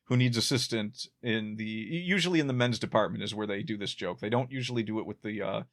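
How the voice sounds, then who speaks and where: A podcast co-host with a lowish, fairly quick voice chats casually about a classic sitcom. He rambles, restarts often, and chuckles at his own jokes.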